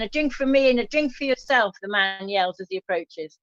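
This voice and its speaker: Hosting an online café show, a woman with a mid-range, fairly bright voice talks animatedly and fairly quickly, without echo. She chats and reads out listener jokes with minor slips, in dull, dry lo-fi audio.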